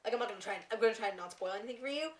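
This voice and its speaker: Young woman vlogger, high bright voice, gushy and giggly, casual fan chatter. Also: very fast, roomy sound. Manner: excited, gushing, laughs a lot. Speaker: TV review vlogger. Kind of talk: casual chat.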